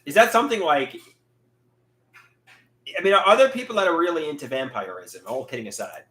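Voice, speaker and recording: A man's voice: on the high side, expressive, a little fast, sharp tone, roomy sound. A man hosting a casual livestream, asking his chat questions in a joking, laughing way. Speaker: livestream host.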